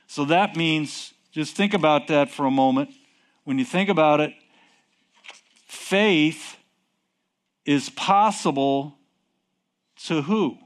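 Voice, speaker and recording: Man preaching a sermon. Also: fairly high pitch. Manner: call-and-response questions, repeats phrases.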